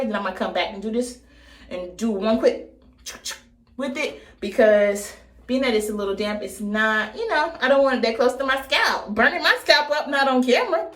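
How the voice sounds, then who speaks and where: A woman in her thirties with a fairly high voice, chatting in a playful, jokey way while she styles her hair. She talks to the viewers like friends. The room is echoey. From United States. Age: 30s. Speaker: hair vlogger. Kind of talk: casual chat while styling hair on camera.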